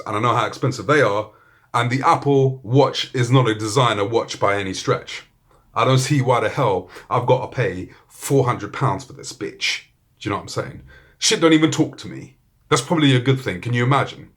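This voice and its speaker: Laid-back British man swearing casually. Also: medium pitch. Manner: profane, joking, laid-back. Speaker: tech reviewer. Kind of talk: casual video review.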